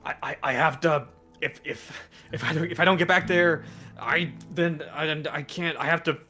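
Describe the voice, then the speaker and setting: A man's voice: mid-range voice, steady tone, moderate pace, pushed and bright, soft background music, pitched above the performer's own voice, close to an everyday voice. A man doing a stammering, panicked captive doctor. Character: frightened rambling male captive doctor.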